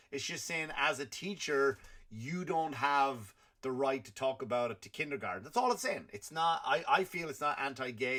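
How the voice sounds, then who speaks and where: A man, a comedian and podcast host ranting in a rambling, profane way. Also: mid-range voice. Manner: rambling, profane, jumps in loudness. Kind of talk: comedic rant.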